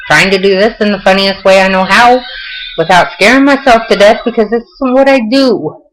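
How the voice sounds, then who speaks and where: Heard over a low-quality recording with slight background noise, this older Southern woman speaks in a mid-range voice at a normal speed. She chats casually in her home vlog, answering questions with folksy, self-deprecating humor.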